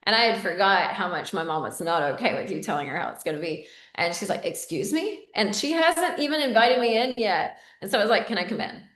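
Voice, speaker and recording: A woman's voice: mid-range voice, animated, fast talker, few pauses, fairly bright tone. A woman vlogger telling a personal story in a candid, direct way, addressing her viewers with many fillers. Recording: roomy echo.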